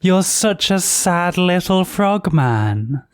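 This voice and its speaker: Brief: a man voicing a prying old hag in a tabletop game, higher voice, dry mic. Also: big pitch swings, slow pace, smooth, dry recording, exaggerated voice. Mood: taunting. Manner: mocking, prying taunts. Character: mischievous old female forest hag.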